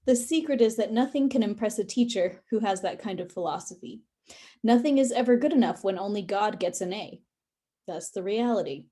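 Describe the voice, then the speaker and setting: A woman guides listeners through tapping and breathing in a calm, instructive voice. Her tone is mellow and warm, at a middle pitch. Now and then she slips in small fillers as she explains. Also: brisk. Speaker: guided emotional release session leader.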